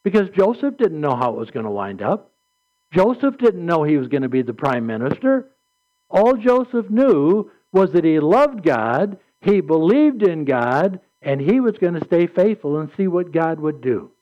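A man's voice: a little high, big pitch swings, moderate pace. A man preaching a sermon, retelling scripture stories in an earnest, plainspoken way and reading verses aloud. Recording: muffled lo-fi recording.

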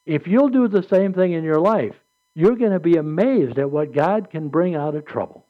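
A man's voice: a little high, lively intonation, normal speed. A man preaching a sermon, retelling scripture stories in an earnest, plainspoken way and reading verses aloud. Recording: muffled lo-fi recording.

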